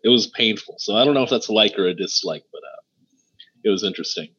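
A man in a casual book discussion, relaxed and a little hesitant as he talks. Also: lowish voice, fast talker, breathy edge. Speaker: book club member. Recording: dull lo-fi recording.

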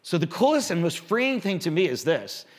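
A man preaching a sermon in a conversational, animated way, asking the congregation rhetorical questions. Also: high voice, normal speed. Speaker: pastor.

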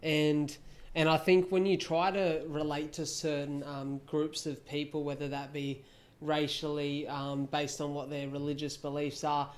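A man's voice: fairly high pitch, level tone, unhurried. A man hosting a podcast, chatting casually and enthusiastically with his guest, with the odd swear word. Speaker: podcast host. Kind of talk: casual interview chat.

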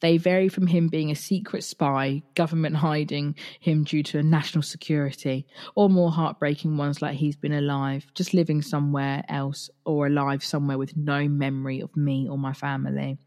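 A woman's voice: low-pitched, moderate pace, hardly any pauses. Chatty woman podcaster. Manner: chatty, laughing, animated retelling. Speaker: podcast host. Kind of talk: casual podcast chat reading listener stories.

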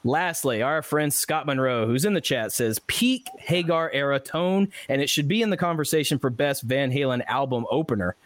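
A man's voice: mid-range voice, expressive, normal speed, few pauses, dry recording. Chatty male podcast host, dry sound. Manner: chatty, laughs often, frequent fillers. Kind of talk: casual chat, reading listener comments.

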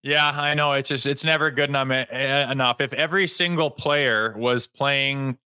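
A man co-hosting a sports podcast, talking in a heated, animated way and mocking critics in put-on voices. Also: medium pitch, moderate pace, smooth, no room sound. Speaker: co-host.

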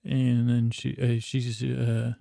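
Flat gravelly man rambling at bedtime. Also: medium pitch, slow, no echo, clean studio sound. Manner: meandering, monotone, filler-heavy. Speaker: podcast host.

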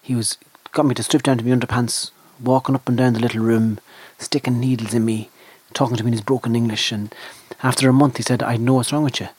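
A man's voice: mid-range voice, little pitch movement, fast, hardly any pauses, a little mellow, husky. A man, telling rambling, self-deprecating stories in casual chat on a podcast. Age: 50s. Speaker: podcast co-host.

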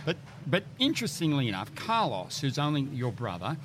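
Male podcast host, teasing and playful, mid pitch, noisy background. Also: wildly swooping pitch, brisk. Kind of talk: casual chat. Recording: background noise.

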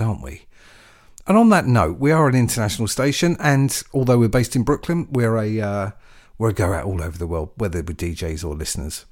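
A man hosting a radio show, chatting casually and rambling between tracks with chuckling asides. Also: medium pitch. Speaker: radio DJ host.

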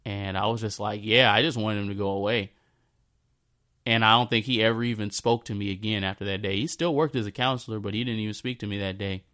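Smooth low-voiced man telling a story. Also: steady tone. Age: 30s. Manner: halting, repeats himself, drifts into a soft low voice. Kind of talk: personal storytelling monologue.

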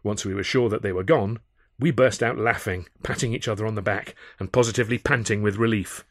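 A man, the author, giving a measured first-person audiobook narration. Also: on the low side, fairly even intonation, no room sound, studio quality.

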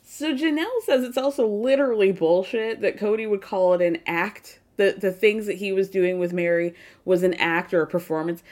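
A woman hosting a podcast, recapping a reality show in casual, sarcastic commentary and swearing freely. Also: mid-range voice. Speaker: podcast host.

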